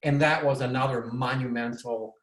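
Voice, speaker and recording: A man from Bolivia telling a personal story in an excited, rambling way, often restarting his sentences. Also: medium pitch, normal speed. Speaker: presenter. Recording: echoey room.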